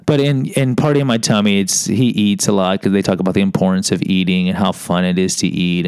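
A man in his fifties tells a personal story in a loose, wandering way, full of wry asides and self-mockery. His low voice is gravelly with fry and sounds close and dry, with no room around it. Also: a little mellow, no echo, low-quality recording. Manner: digressive, wry, self-mocking. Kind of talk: rambling personal storytelling monologue.

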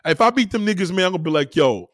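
A man's voice: high-pitched, racing, no room sound, clean studio sound. A man hosts a podcast and rants in a crude comedic style, swearing freely and laughing at his own lines. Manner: animated, profane, laughing asides. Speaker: podcast host.

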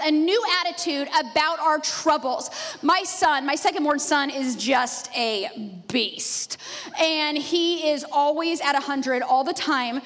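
A woman in her thirties preaching a sermon as a pastor, a lively storyteller who laughs often. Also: sits high. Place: church sanctuary. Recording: long reverb of a church hall.

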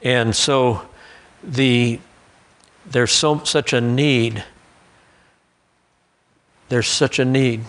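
A man's voice: medium pitch, steady tone, extremely slow, long pauses, fairly bright tone. A male pastor, preaching a sermon through folksy personal stories and asides. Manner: storytelling preacher, folksy asides, occasional restarts. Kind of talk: sermon storytelling. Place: church sanctuary.

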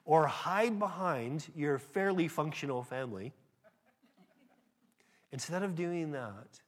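A man preaching a sermon in a conversational, emphatic way, often restarting his phrases. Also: mid-range voice. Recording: long hall reverb.

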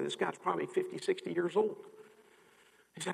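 A man, a pastor, telling a story in a sermon, animated and acting out the quotes. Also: high-pitched, a little fast, creaky, husky, in a large hall, rough recording.

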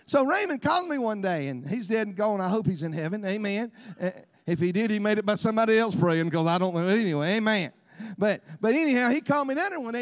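A middle-aged man preaching a sermon, telling folksy stories punctuated by amens and laughter. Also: sits high. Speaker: pastor. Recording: long reverb in a large church.

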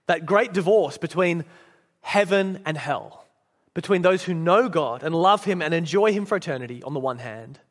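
High-voiced preacher. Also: male voice, big-room sound. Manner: earnest, storytelling, occasional restarts. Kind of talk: sermon. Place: church.

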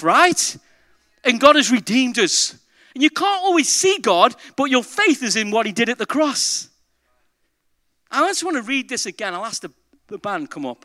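A man preaching a sermon as pastor, his voice pitched high and bright with a forceful edge. He shifts from quiet, reflective passages to loud, joyful calls to the congregation. The sound is close and dry. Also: dry recording.

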